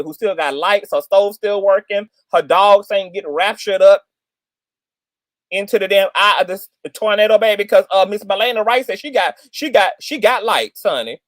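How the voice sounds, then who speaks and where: A man's voice: high voice, no room sound. A man hosting livestream commentary in a sassy, theatrical way, peppered with "girl" and "child". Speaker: commentary channel host.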